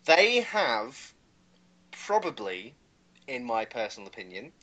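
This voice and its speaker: A British man co-hosting a casual podcast chat, talkative and quick to laugh. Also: medium pitch, poor audio. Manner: chatty, laughs easily, animated. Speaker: podcast co-host.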